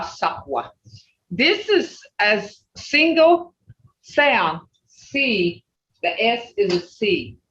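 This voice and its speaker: Language teacher, slow pace, animated pitch, repetitive drilling, frequent "okay?" checks, muffled roomy call audio. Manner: repeats words, often checks with "okay?". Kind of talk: slow, repetitive pronunciation lesson. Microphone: video call.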